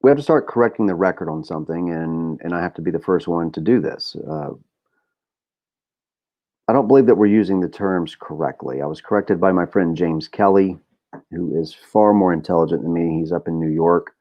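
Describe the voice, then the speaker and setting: Talking a little fast in a low register, the middle-aged host delivers a loose, candid podcast monologue laced with fillers and swearing. The recording comes across muffled.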